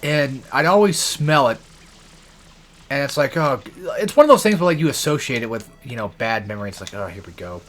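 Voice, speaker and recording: A man's voice: mid-range voice, lively intonation, brisk, fairly bright tone. A young man giving rambling, profane commentary while playing a video game, swearing constantly as he rants. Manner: profane, ranting, frequent swearing. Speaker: let's play gamer.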